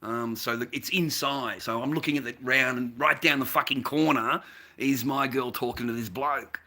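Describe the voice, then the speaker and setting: At a moderate pace, this Australian vlogger speaks in a steady, mid-range voice that's bright and forceful. His long, casual retelling is profane and repetitive, and he keeps calling the listener mate and bro.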